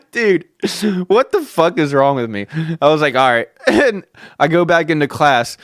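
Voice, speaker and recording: A podcast host tells a story casually, chuckling, swearing freely, and leaning heavily on fillers. His voice sits on the high side and is very animated, though he speaks slowly and pauses often. There's slight background noise.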